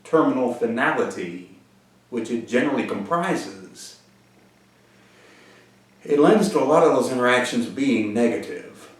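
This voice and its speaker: Man, host, deadpan comedic monologue, pompous formal wording, hesitant "uh" pauses, lively pitch, distant mic, very echoey room. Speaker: host answering viewer questions.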